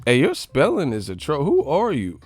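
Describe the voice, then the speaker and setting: A man's voice: on the high side, huge pitch swings, normal speed, breathy edge, no room sound, faint music behind. A man hosting a boxing channel live stream, ranting in casual, profane, mocking chat.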